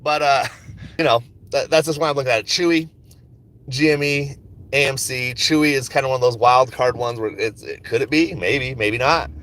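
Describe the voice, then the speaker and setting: A man's voice: medium pitch, normal speed, a bit bright. A man talking casually on a phone livestream about his stock picks, joking, swearing and laughing while he drives and waits in a coffee line. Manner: laid-back, joking, swears freely, laughs often. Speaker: stock market vlogger. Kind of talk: casual rambling livestream chat. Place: in a car and at a coffee shop.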